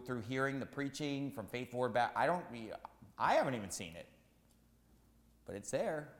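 A man preaching a sermon as pastor, emphatic and repetitive, rising to shouts at times. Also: mid-range voice, echoey room, big-room sound.

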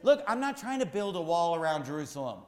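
A man preaching a sermon as pastor, emphatic and repetitive, rising to shouts at times. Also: fairly high pitch, very animated, fast, roomy sound, big-room sound.

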